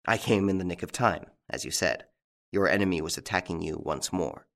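A man reading an audiobook, voicing a calm, authoritative gentleman thief who speaks distinctly and reassuringly, in a lowish voice. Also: fairly quick, vocal fry. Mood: grave.

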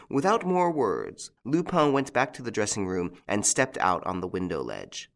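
Low-voiced man narrating a mystery. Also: very animated, normal speed, gravelly, few pauses. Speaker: audiobook narrator. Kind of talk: scripted narration.

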